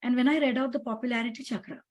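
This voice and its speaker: Chatty woman doctor, warm mellow voice. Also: on the high side, steady tone, very fast, poor audio. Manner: chatty, many fillers and quoted dialogue. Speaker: dermatologist. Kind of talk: casual storytelling about patients.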